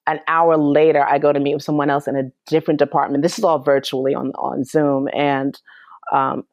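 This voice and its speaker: A woman's voice: deep voice, flat delivery, a little fast, no echo, clean studio sound. A woman as an interview guest, recounting her experiences earnestly and with emotion, often restarting her sentences. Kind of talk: personal storytelling in a podcast interview.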